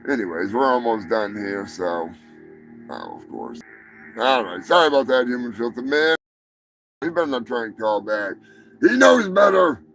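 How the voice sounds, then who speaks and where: A man's voice: fairly low pitch, sing-song, moderate pace, creaky, a bit bright, soft background music, low-quality recording. A man hosting a live show, ranting about odd animal news with lots of swearing, rambling asides and laughter. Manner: profane, rambling, laughs mid-sentence. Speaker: show host. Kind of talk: live comedic news rant.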